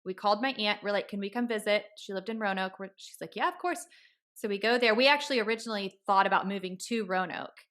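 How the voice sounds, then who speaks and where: A woman's voice: medium pitch, fast talker, fairly bright tone. A woman in her thirties hosting a podcast, telling a story in a casual, chatty way and acting out what people said. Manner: chatty storytelling, acts out quoted dialogue. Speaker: podcast host.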